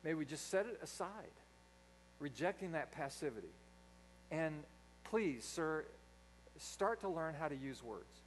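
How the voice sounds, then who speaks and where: A man preaching a sermon in a church, a dynamic speaker who swings from loud emphasis to quiet asides. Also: a little high, animated, measured pace, pauses often, slight background noise, poor audio. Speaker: pastor. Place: church sanctuary.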